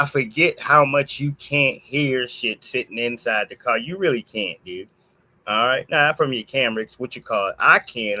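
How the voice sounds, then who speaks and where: A man's voice: pushed and bright, low-quality recording. Man ranting with constant "all right"s. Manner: peppers every sentence with "all right"; swings from low mutters to high exclamations. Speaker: live streamer. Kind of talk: casual storytelling rant.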